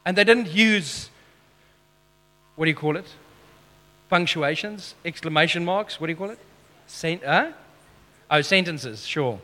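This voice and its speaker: A man preaching a sermon as pastor, emphatic, slowing down for key phrases, with self-deprecating asides. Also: sits high, bright, forceful tone, long reverb tail.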